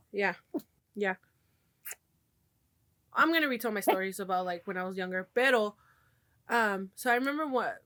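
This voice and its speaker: A young woman hosts a podcast in a medium-pitched voice with no room sound. She tells stories through loose, casual chat, swearing freely and slipping into Spanish.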